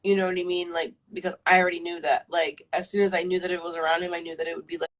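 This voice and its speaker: A woman's voice: lowish voice, flat delivery, very fast, low-quality recording. A woman in her twenties on a live stream, telling a personal story in a casual, rambling way, full of fillers and swearing. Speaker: livestream guest.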